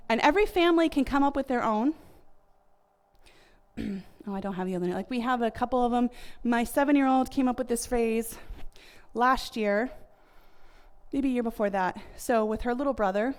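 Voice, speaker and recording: A woman in her thirties with an American accent and a slightly high, slightly mellow voice speaks casually to an audience about family communication. She's chatty, packing her talk with fillers like "like" and "you know."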